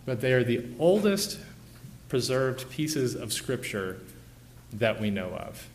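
A man in his thirties giving an informal illustrated lecture, relaxed, with many "uh" and "you know" fillers. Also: medium pitch, slow, slight background noise.

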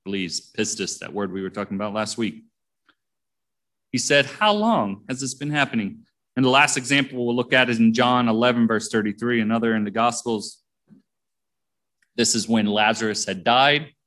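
A man's voice: medium pitch, moderate pace, fairly bright tone. A man preaching a sermon, reading verses aloud and commenting on them between readings in a plain, conversational way.

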